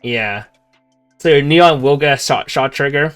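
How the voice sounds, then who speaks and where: A man with a Canadian accent explains card rulings in a relaxed, conversational way, often backing up to rephrase a point. His voice is smooth and clear at a middle pitch, with faint music in the background. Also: unhurried. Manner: explains rulings at length, restarts sentences. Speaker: co-host reviewing cards. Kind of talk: casual chat.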